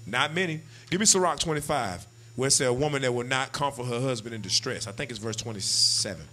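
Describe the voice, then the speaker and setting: A man preaching a street-style sermon, animated and slangy, acting out what husbands and wives say. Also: medium pitch, quick pace.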